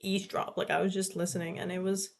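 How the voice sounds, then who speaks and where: A woman's voice: mid-range voice, little pitch movement, quick pace, creaky. A young woman in her late teens chatting casually in a vlog, rambling and swearing, with lots of "like" filler. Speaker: vlogger. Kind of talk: casual chat.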